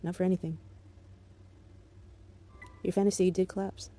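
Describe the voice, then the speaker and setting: A woman's voice: lowish voice, little pitch movement, normal speed, dark tone, dry recording. A woman in an angry, profane monologue aimed at an ex-partner, bitter and contemptuous but controlled. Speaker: vlogger.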